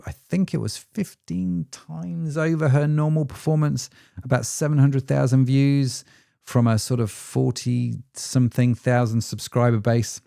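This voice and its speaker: A man's voice: medium pitch, creaky, mellow, no echo, studio quality. A man hosting a solo podcast as an ecommerce founder, chatty and self-deprecating, with frequent rhetorical tag questions.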